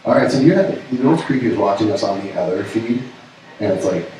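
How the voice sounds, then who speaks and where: A man's voice: fairly low pitch, lively intonation, mellow, distant mic. A man co-hosts a casual live stream from a pub, rambling between plugs and jokes. He sits a little back from the mic. The room is strongly echoey, with faint noise behind him. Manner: joking, rambling, quick asides. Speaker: podcast co-host.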